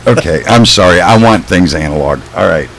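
A man's voice: low-pitched, lively intonation, fairly quick, fairly bright tone, poor audio. A man co-hosting a casual fishing podcast, rambling with restarts and frequent laughs. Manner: rambling, self-interrupting, laughs often. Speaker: podcast co-host.

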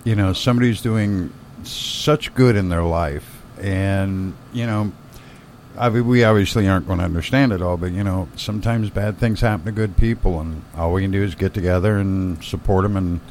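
A man's voice: low voice, normal speed, a little mellow, a little hiss or hum. A man hosting a podcast, easygoing and chatty, sometimes hesitant. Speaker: podcast host. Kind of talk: casual chat.

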